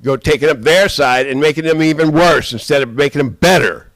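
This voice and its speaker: A man in a rambling, profane personal rant, swinging between shouting and muttering. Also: a little high, brisk, no echo. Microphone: handheld camera.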